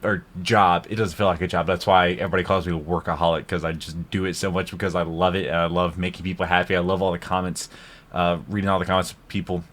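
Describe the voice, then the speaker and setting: A man's voice: low voice, little pitch movement, fast, fairly bright tone. A man hosting a reaction video, talking casually and rambling in a heartfelt way with lots of "like".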